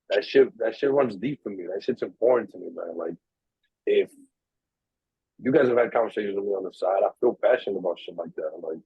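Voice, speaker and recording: A young New York man co-hosting a podcast tells a long story casually, swearing freely and doing the voices of the people in it. His lowish voice has a breathy edge, and the sound is tinny, dry and narrow-band with no echo.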